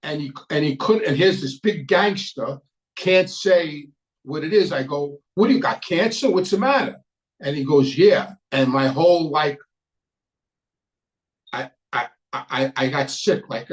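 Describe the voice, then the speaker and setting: A middle-aged man telling a personal story in an animated way, acting out the dialogue with frequent restarts. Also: on the high side, low-quality recording. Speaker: podcast host telling a story. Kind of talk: casual storytelling.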